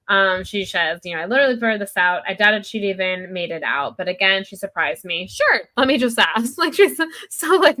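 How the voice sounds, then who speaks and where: A woman's voice: medium pitch, pushed and bright. A woman co-hosting a podcast, chatting casually about a book and retelling scenes with lots of "like.". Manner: chatty, heavy use of "like", retells scenes with quoted lines. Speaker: podcast co-host.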